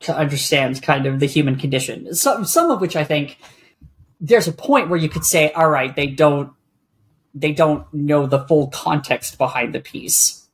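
A podcast guest who talks reflectively in a casual conversation and often pauses to find words. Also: mid-range voice, animated.

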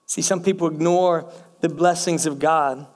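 Man, pastor, sermon, high-pitched, emphatic, repeats phrases, talks to the congregation. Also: steady tone, normal speed. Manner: speaks directly to the congregation as church.

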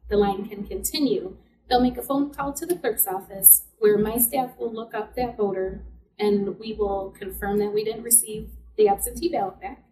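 A woman's voice: medium pitch, warm tone, reverberant, far from the mic, poor audio. A woman working as a city clerk, explaining election procedures step by step in an interview. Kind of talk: informational interview answers.

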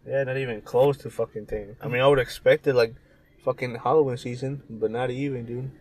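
A young man co-hosting a casual podcast. He jumps in with short, slangy remarks full of swearing. His voice has an ordinary male pitch. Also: fairly even intonation, darkish tone, low-quality recording. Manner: slangy, profane, quick interjections. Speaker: podcast co-host. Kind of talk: casual chat.

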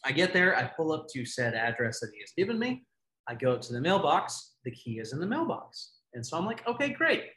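A man co-hosting a casual podcast, telling a story in an animated way. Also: medium pitch, a little fast. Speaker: podcast co-host. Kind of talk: casual chat. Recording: roomy echo.

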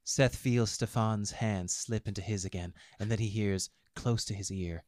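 Low-voiced man narrating a story. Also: fairly even intonation, normal speed, darkish tone, no echo, clean studio sound. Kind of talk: audiobook fiction narration.

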